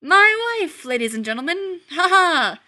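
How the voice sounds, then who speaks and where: A woman's voice: high-pitched, animated, unhurried, sharp tone, voice pushed up, exaggerated voice. A woman voicing a short, fawning male demon who drips with pet names and forced cheer. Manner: wheedling, nervous, fake-cheerful.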